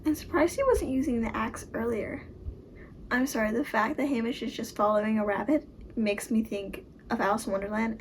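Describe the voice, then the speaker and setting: A young woman chatting casually as she reacts to a book she is reading, emotional and quick to exclaim. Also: medium pitch, a little hiss or hum, low-quality recording. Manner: emotional, exclaims and gasps at the story.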